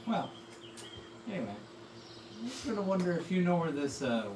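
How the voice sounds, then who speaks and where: A man's voice: sits high, big pitch swings, normal speed. Joking man playing a tabletop game. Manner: joking, plain questions in character. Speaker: player. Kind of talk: casual tabletop game play. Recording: distant, echoey room with loud background noise.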